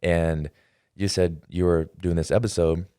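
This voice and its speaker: Man, podcast host, very low voice, thoughtful and hesitant, dry sound. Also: fairly even intonation, unhurried, mellow, clear, resonant tone, no echo. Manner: reflective, hesitant, with fillers and restarts. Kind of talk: casual interview talk.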